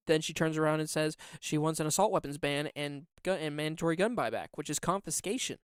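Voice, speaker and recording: This is an indignant political commentator in mid-rant, piling up complaints and repeating words for force. The voice is smooth and resonant. The recording is dry and close, with no room sound. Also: medium pitch, no echo. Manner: heated, indignant ranting. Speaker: podcast co-host.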